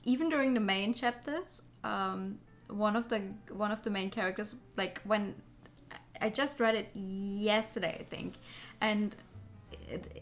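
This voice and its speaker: A woman's voice: medium pitch, a bit bright. A young woman streaming a story game, chatting and rambling between scenes, laughing and swearing casually.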